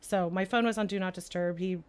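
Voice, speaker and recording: A woman's voice: lowish voice, a little fast. Woman telling a chatty story. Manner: animated storytelling that acts out quoted dialogue. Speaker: podcast guest. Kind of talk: casual chat.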